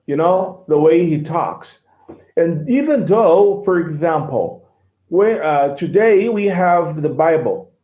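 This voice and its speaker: A man with a Brazilian Portuguese accent teaching English in an online lesson, halting and repeating words with many fillers. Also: on the high side, expressive. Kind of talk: online lesson explaining casually. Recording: tinny phone-like line, echoey room.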